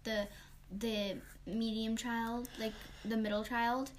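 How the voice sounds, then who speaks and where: A young woman chatting as a guest with her sister, giggly and quick to jump in. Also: a little high, flat delivery. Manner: giggly, interjecting, exaggerated retellings. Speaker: podcast guest. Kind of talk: casual chat.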